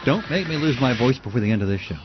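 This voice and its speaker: A man's voice: medium pitch, animated, rapid-fire. Guy hosting call-in radio, heated rant, swoops way up and down, muffled lo-fi sound w faint music. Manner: heated ranting, shouts in outrage. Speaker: radio talk show host.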